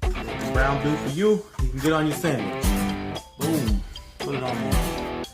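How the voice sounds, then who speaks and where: A man's voice: mid-range voice, unhurried. Chatty man cooking in a roomy kitchen. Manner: laid-back, chatty, folksy asides. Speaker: home cook hosting a cooking show. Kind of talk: casual cooking demonstration. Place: home kitchen. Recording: roomy kitchen with music behind.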